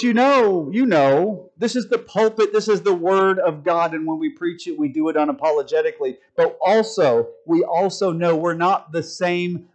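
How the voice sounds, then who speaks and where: A man's voice: on the high side, low-quality recording. A man preaching a sermon from the pulpit, folksy and joking with the congregation. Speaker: pastor. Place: church sanctuary.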